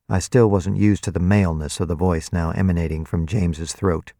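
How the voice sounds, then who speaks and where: A man narrating a novel in the first person in a wry, even way, close to the mic. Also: deep voice, a little fast, creaky, hardly any pauses, no echo. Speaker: audiobook narrator.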